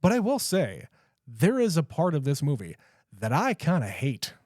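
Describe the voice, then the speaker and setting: Male podcast co-host, relaxed and blunt, casual profanity, dry sound. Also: on the high side, moderate pace, dry recording. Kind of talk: casual movie chat.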